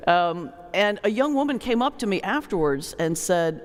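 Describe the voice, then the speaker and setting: A man with a Southern US accent, a preacher telling a folksy, animated story on a panel. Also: high-pitched, moderate pace, few pauses. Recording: hall reverb.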